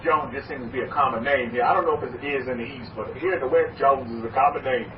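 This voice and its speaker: Man with a high voice preaching emphatically, heard from a distance in a roomy, echoey space. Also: fast. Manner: emphatic, repetitive, with dramatic swings of pitch. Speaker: rabbi. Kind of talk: preaching sermon. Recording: echoey, distant, dull lo-fi with faint hiss.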